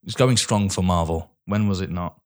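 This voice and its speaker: A man's voice: sits low, moderate pace, darkish tone. A man co-hosting a podcast, chatting casually about films, swearing and correcting himself as he goes. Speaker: podcast co-host. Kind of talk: casual film chat.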